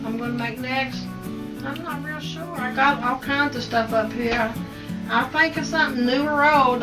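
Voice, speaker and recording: High-voiced Appalachian woman chatting while cooking. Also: recorded from a distance, rough recording. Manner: homey, chatty, teasing. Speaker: cooking show host. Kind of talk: casual kitchen chat. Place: home kitchen. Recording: voice from away from the mic, faint music.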